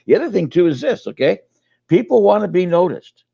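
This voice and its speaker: An older man tells stories in a gravelly, dark, relaxed voice, circling back and repeating himself as he goes. The recording is dry and dull, like a muffled lo-fi call. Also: high voice, a little fast, no room sound. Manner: folksy storyteller, repeats words, uses fillers. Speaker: sales coach and co-host. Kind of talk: casual webinar chat.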